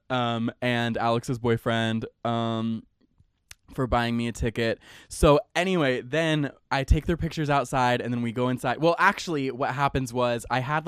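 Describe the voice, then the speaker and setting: A young man in his twenties hosting a podcast and telling a story in a loose, chatty way, dropping "like" constantly and tossing in playful slang. His voice sits at a middle pitch and sounds smooth and resonant. The sound is close and dry. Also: no room sound. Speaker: podcast host. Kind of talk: casual storytelling monologue.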